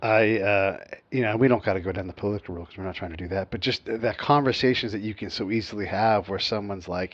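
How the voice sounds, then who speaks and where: A man with a low voice speaks earnestly and thoughtfully in a relaxed podcast conversation. The recording is dull and lo-fi, dry with no room sound. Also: fairly quick, no echo. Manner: earnest, reflective, frequent "yeah" backchannels. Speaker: podcast co-host. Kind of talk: casual chat.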